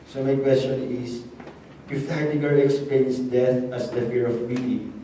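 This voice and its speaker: A man's voice: mid-range voice, fairly even intonation, unhurried, warm tone. A young man with a Filipino accent, a seminarian politely asking a formal question from the audience of a large hall. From Philippines. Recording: echoey hall, mic far off, faint noise.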